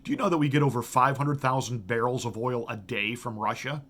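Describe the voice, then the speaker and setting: A middle-aged man speaks as a pastor in a political commentary monologue. His voice sits at a middle pitch, and he drives his points home through rhetorical questions, stumbling into repeated words as he restarts. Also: brisk, few pauses, a bit bright, slightly rough.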